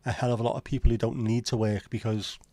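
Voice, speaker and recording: A man's voice: medium pitch, flat delivery, quick pace, a little mellow, no room sound. A man with a Liverpool accent hosting a casual livestream chat, rambling and opinionated with frequent swearing. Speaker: livestream host.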